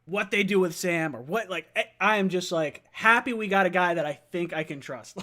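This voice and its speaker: A young man hosting a live-stream call-in fan show, excited, laughing and often shouting. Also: sits high, normal speed.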